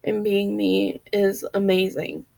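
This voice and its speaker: A woman's voice: medium pitch, completely flat delivery, takes it slowly, creaky, mellow, no echo, poor audio. A woman vlogging candidly and earnestly, speaking straight to her viewers. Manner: earnest, open, talks to viewers directly. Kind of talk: candid personal vlog.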